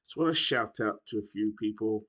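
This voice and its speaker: On a laptop microphone, a British man rambles to his viewers about a baseball video game, frequently correcting himself. His voice is on the low side yet pushed and bright, and he talks fairly fast in this casual chat to camera.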